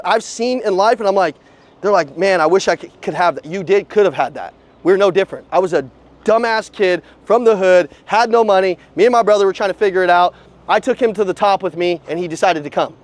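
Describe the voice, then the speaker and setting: Fast, high-voiced, profane male sales coach. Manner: blunt, profane, fires rhetorical questions. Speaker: sales trainer. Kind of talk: live motivational sales coaching. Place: outdoors at a car dealership.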